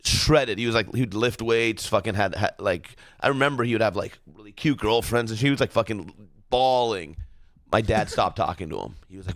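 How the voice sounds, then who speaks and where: Low dry-voiced guy on a podcast, laid back, swears a lot telling stories. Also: lively intonation, normal speed, fairly bright tone, no echo. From Southern California. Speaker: guest comedian. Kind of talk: casual podcast chat.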